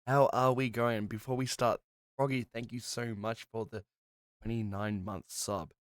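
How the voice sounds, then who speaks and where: A man hosting a tabletop game stream, chatty and upbeat, his voice worn and quieter after a festival. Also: medium pitch, fairly even intonation, moderate pace, no echo. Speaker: streamer and host. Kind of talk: casual stream chat.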